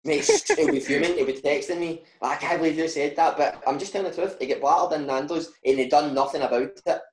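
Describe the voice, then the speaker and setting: A Scottish footballer telling pub stories in casual chat, animated and laughing, with lots of "mate" and "right". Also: male voice, a little high, fast, reverberant, a little hiss or hum. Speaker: footballer guest.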